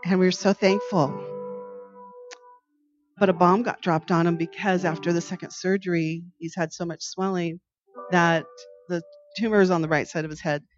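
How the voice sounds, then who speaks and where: A woman's voice: fairly low pitch, steady tone, moderate pace. Earnest woman telling a devotional story. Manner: earnest, conversational, with frequent restarts. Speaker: podcast host. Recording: slightly dull recording with faint music.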